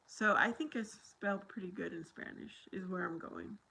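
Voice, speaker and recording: A woman's voice: medium pitch, moderate pace, vocal fry, bright, forceful tone, breathy edge, low-quality recording. An American woman hosting a casual livestream, rambling and chatty as she talks with viewers and laughs often. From United States.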